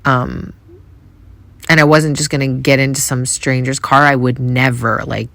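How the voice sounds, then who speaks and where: A woman from Canada hosting a podcast, telling a personal story in a soft, reflective way with many hesitations. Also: extremely low pitch, little pitch movement, a little slow, creaky, dry recording. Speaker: podcast host.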